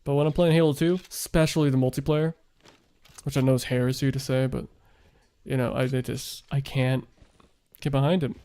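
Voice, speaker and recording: A man's voice: mid-range voice, fairly even intonation, brisk, dark tone. A young man chatting casually while streaming a game he makes, rambling with lots of fillers, his voice worn out late at night. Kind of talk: casual gaming stream chat.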